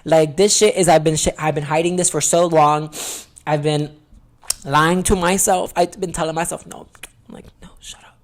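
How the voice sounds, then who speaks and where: A young adult woman hosting her own podcast in a candid, expressive confessional chat, swearing freely and calling listeners honey. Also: low-pitched, moderate pace. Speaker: podcast host.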